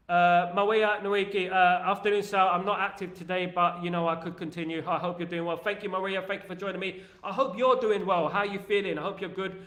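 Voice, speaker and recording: Rambling London fan-stream host, slightly high voice, echoey room. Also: male voice, fairly bright tone. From England. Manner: chatty, rambling, reads out viewer comments. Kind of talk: casual livestream chat.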